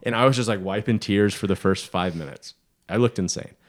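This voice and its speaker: Male podcast co-host, deep voice, jokey and lively in retelling. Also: brisk. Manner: joking storyteller, lively retelling. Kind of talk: casual chat.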